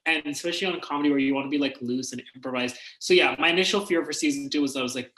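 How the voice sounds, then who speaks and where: A man from India chats as an interview guest, spinning animated, self-deprecating stories. His voice is bright and forward, and it rings a little in an echoey room. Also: mid-range voice, rapid-fire. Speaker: actor guest. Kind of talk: casual interview chat.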